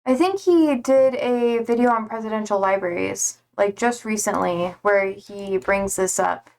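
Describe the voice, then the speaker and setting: A tired young woman livestreamer chatting casually, reading out viewer comments with lots of fillers and a slightly hoarse voice. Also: medium pitch, measured pace, a little mellow. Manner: rambling, hesitant, many fillers and swear words.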